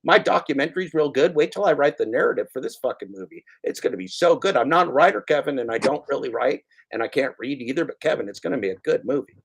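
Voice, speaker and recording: Casual male host, profane, rambling, excitable, mid-pitched. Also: fast, creaky, few pauses, breathy edge. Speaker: show host. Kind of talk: casual chat.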